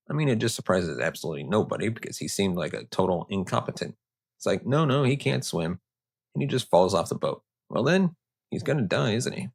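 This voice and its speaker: A man's voice: fairly low pitch, gravelly, breathy edge. A man hosting a history show, narrating with joking, conversational asides. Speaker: host.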